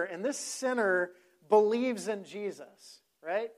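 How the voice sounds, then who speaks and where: A man's voice: high voice, very animated, slow pace. A man, a pastor, telling a story in a sermon in a conversational way, with frequent repeated words and quoted dialogue.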